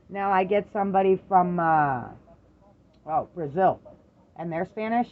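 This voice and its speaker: Animated, foul-mouthed middle-aged parent. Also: medium pitch, unhurried, phone-quality sound. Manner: animated storyteller, swears freely, acts out quoted voices. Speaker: parent chatting with adult daughter. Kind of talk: casual family chat.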